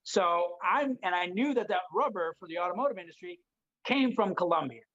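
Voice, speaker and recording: High-voiced, excitable man, dull lo-fi stream. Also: fairly quick. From Detroit, United States. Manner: energetic, excitable, acts out dialogue. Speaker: interview guest. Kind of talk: animated storytelling in an unedited livestream. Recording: dull lo-fi livestream audio.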